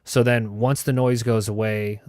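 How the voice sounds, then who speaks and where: A man's voice: medium pitch, level tone, moderate pace, darkish tone, no echo, studio quality. A man hosting a show, telling a story in a loose, casual way, swearing and filling his talk with "like" and "you know". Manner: loose and profane, heavy with fillers. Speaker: host.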